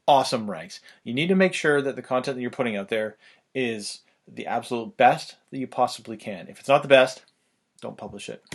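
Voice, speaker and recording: A man, talking fast and loosely with lots of fillers as he explains online marketing, a little out of breath. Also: medium pitch. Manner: rapid, loose, filler-heavy delivery. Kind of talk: casual fast explainer talk.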